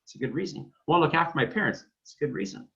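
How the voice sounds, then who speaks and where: A man's voice: on the high side, lively intonation, racing, gravelly, a bit bright. Emphatic blunt male coach, lo-fi. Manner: emphatic and blunt, acts out phone calls. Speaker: real estate coach. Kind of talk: coaching talk to realtors. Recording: dull lo-fi sound.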